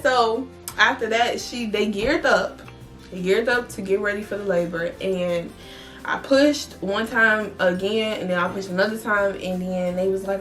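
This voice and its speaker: A young woman vlogger, telling her story in a blunt, profane, animated way. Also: medium pitch, a little slow, faint music behind. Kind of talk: casual storytelling vlog.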